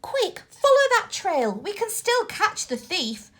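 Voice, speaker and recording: A woman voicing an excitable young boy detective in a storybook, with breathless, eager exclamations. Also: high-pitched, takes it slowly, pitched above the performer's own voice, exaggerated voice. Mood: excited.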